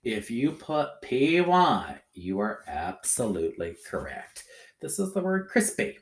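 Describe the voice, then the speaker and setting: A man teaching a recorded phonics lesson to children, talking in a slow, sing-song way and checking in often with the listener. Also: medium pitch, very animated. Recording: echoey room.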